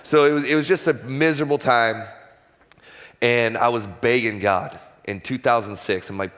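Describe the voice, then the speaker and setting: A man in his forties, a former baseball pitcher, sharing a candid, self-deprecating personal story as a guest speaker at a church. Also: normal speed, fairly bright tone, big-room sound. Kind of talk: personal testimony talk in church. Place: church auditorium stage.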